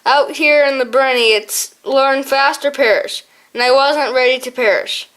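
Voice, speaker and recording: A woman voicing a roguish young male sea otter who talks in rough sailor's slang, in an audiobook. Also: sits high, normal speed, a bit bright. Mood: hearty.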